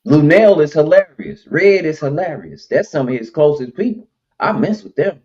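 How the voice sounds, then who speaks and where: A man's voice: fairly high pitch, lively intonation, normal speed, darkish tone. A man hosting a livestream, giving blunt, emphatic opinions in casual chat with a mocking edge. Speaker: stream host. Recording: muffled lo-fi stream audio.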